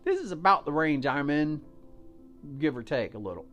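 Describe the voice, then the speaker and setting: A man's voice: on the high side, very animated, moderate pace, fairly bright tone, lo-fi sound, faint music behind. An American man hosting a solo podcast, chatting casually and walking listeners through simple numbers step by step. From United States. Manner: chatty, folksy, explains step by step with fillers. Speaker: podcast host.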